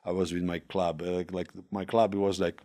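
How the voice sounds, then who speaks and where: Man speaking halting. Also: deep voice, flat delivery, warm tone. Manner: halting, many fillers and restarts, non-native grammar. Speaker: guest, former legionnaire. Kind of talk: casual podcast chat.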